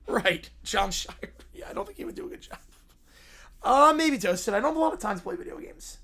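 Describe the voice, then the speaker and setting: A man casually hosting a livestream, relaxed and reacting as he reads viewer messages aloud. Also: very high voice, fairly quick, creaky, husky. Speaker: livestream host.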